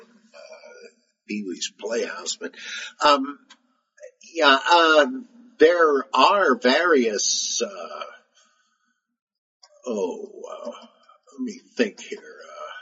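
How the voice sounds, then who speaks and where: A man hosting a podcast, answering listener questions in a rambling, halting way, with many fillers and pauses to search for words. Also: medium pitch, sing-song, bright, forceful tone, breathy edge, lo-fi sound. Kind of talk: casual spoken Q&A.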